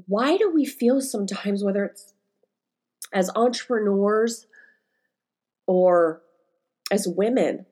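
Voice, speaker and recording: Speaking alone into her podcast mic, this life coach in her forties recounts stories from her week in a mid-range, mellow voice. She talks slowly with long pauses, rambling openly with lots of fillers and restarts, and sounds close to tears.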